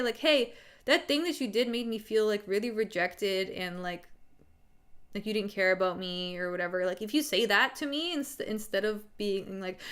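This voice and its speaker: A woman's voice: medium pitch, a bit bright. A young adult woman hosting a live stream, chatting casually and candidly into a desk microphone, rambling with lots of "like", swearing and laughing often. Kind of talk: casual chat.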